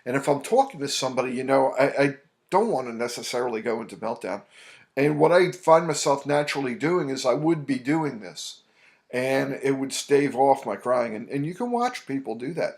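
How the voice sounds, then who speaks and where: Gravelly man giving rambling advice. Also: medium pitch. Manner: loose, rambling with many fillers and restarts. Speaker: anxiety coach. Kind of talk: casual advice monologue. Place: New York City.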